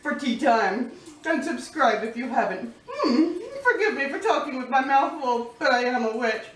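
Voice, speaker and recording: A woman's voice: high voice, sing-song, normal speed, slight background noise. A woman chatting casually in a home kitchen cooking vlog, giggling and talking to her pets as she bakes. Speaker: cooking vlogger. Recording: echoey room, somewhat far from mic.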